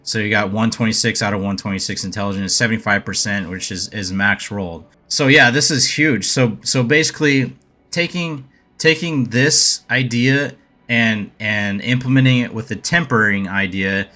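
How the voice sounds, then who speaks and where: A man's voice: fairly low pitch, normal speed, sharp tone. A man casually walking through a game update over his slides, hesitant and thinking aloud as he goes. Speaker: gaming video creator.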